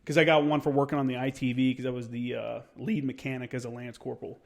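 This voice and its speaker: Profane man telling animated war stories. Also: mid-range voice, fast, creaky. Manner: profane, animated storyteller who acts out quotes. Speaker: podcast guest. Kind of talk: casual storytelling chat.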